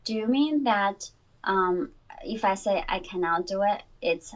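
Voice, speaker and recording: A woman's voice: medium pitch, expressive, a little slow, far from the mic. This is a woman taking a pronunciation lesson who asks questions and repeats phrases with care. Her voice comes through a dull, muffled line and sounds set back from the microphone. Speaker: language student. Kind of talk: online lesson, repeating after teacher.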